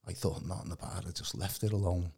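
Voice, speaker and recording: Man, low gravelly husky voice, lively casual testimony. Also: fast. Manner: animated, acts out quoted voices, calls the host mate. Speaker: guest giving testimony. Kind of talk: casual storytelling.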